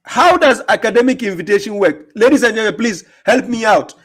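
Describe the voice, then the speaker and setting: A man's voice: high voice, lively intonation, fairly quick. A man hosting a reaction commentary, talking in a mocking, emphatic way, laughing often and repeating words. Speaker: host reacting to a video.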